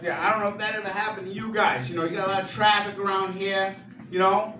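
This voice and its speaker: A young man doing stand-up and crowd work, chatty, with many "you know"s and animated rants. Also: high-pitched, quick pace, background noise. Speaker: stand-up comedian. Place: comedy club. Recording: echoey club from far off, loud crowd laughter.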